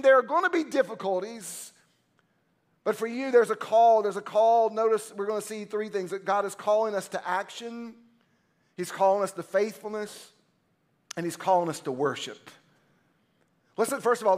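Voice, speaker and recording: A male pastor with a strikingly high voice delivers a sermon to his church. He preaches with passion and emphasis, stacking repeated phrases to build intensity. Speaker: senior pastor. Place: church service.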